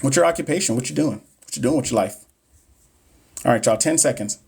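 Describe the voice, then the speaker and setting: A man's voice: medium pitch, animated, brisk, creaky, a little mellow, husky. A man in his thirties coaching nursing exam questions on a casual live stream. He jokes with viewers, talks right to them and stumbles over long medical terms. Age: 30s.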